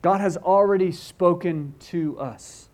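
A man's voice: high voice, slow pace, a little mellow. A middle-aged man preaching a sermon as pastor, earnest and pleading, asking rhetorical questions and often restarting his words.

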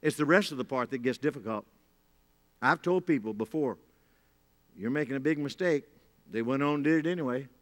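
A male pastor preaches emphatically to his congregation, repeating phrases for effect. His medium-pitched voice moves fast, and the recording carries the long reverb of a large hall.

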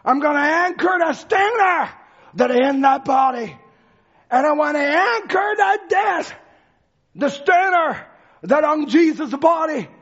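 A male preacher voicing a scheming, gloating devil who shouts in disbelief, on a dull lo-fi recording. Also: extremely high pitch, animated, slow pace, full character voice.

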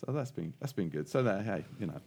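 A man's voice: low-pitched, expressive, quick pace, darkish tone, slight background noise. A man co-hosting a podcast, chatting casually and telling jokes with lots of fillers and restarts. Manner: rambling storyteller, lots of fillers and restarts, laughs at own jokes. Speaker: podcast co-host. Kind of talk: casual chat.

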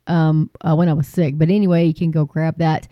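A woman's voice: deep voice, level tone, brisk, no echo, dull audio. A woman from the United States hosting an online talk show, chatting to viewers in an emphatic, filler-heavy way that rises into pleading. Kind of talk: casual commentary to viewers.

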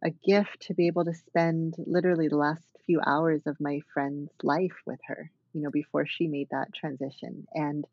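A woman's voice: low voice, little pitch movement, moderate pace, hardly any pauses, breathy edge, dull audio. A woman dance artist talking thoughtfully as an interview guest, with many fillers and restarts. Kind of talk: reflective conversational interview.

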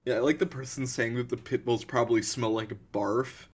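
A man's voice: medium pitch, steady tone, breathy edge. A young man co-hosting a podcast, chatting casually, laughing often and stumbling over fillers. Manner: giggly, halting, lots of likes and ums. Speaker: podcast co-host. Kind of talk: casual chat.

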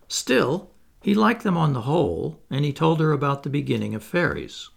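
Male audiobook narrator, expressive children's storytelling, gravelly and husky, lively melody. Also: fairly high pitch, moderate pace. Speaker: audiobook reader.

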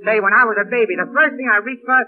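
Brash, slangy burlesque clown voiced high, 1930s radio drama, tinny old broadcast sound. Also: male voice. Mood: defensive. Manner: fast slangy wisecracking patter. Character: brash young male burlesque comic, cocky. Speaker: actor in old radio play.

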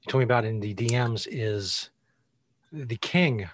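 A man co-hosting a casual podcast chat, laid-back, with dry asides and quick chuckles. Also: mid-range voice. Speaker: co-host.

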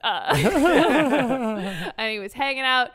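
A woman co-hosting a casual chat, telling stories in a relaxed way with plenty of fillers. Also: high voice, drawn-out words, no echo, studio quality. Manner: chatty storyteller with frequent fillers and laughs.

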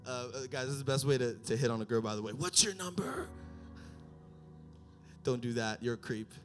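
A young man preaching a sermon, telling stories and building up to shouted climaxes. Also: medium pitch, fairly even intonation, very fast, soft background music.

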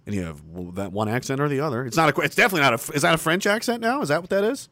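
A man's voice: a little high, lively intonation, rapid-fire, bright, forceful tone, dry recording. Profane, combative middle-aged man. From Canada. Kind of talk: ranting monologue.

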